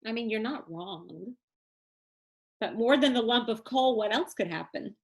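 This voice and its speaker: A woman gives a recorded class lecture in a casual, colloquial manner. She keeps it lively, teasing her students and joking as she explains. Her voice sits a little high and swings widely in pitch. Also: unhurried. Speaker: business law instructor.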